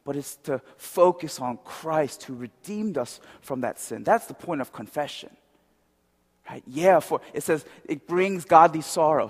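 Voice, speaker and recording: High-voiced preacher in a reverberant hall. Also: male voice. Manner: conversational, asks the crowd "right?". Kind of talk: sermon.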